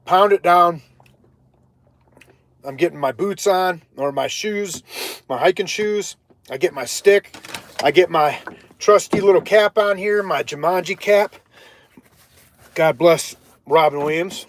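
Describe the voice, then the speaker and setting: A man from Ohio telling a hiking story on a casual live stream, chatty and animated, breaking off to greet viewers. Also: sits high, a little slow, pauses often. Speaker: livestreaming vlogger.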